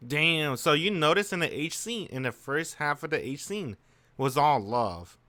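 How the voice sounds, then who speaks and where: Lively, bright-voiced male game streamer. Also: fairly high pitch, measured pace, a little hiss or hum. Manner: reacting and musing aloud with slang. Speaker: streamer playing a visual novel. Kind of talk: casual let's-play commentary.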